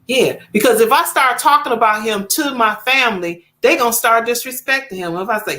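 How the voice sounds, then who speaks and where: Telling stories casually to camera, this woman vlogger in her 50s speaks quickly with few pauses, her fairly high, slightly bright voice full of lively intonation. Chatty and emphatic, she repeats herself and imitates her relatives' voices.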